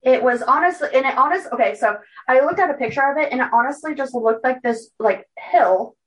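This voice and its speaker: A woman's voice: high-pitched, a little fast, a bit bright, recorded from a distance, rough recording. A young woman co-hosting a podcast, telling a story from her notes in a chatty way, full of likes and ums. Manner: chatty, many "like" and "um" fillers, giggly. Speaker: podcast co-host telling a case.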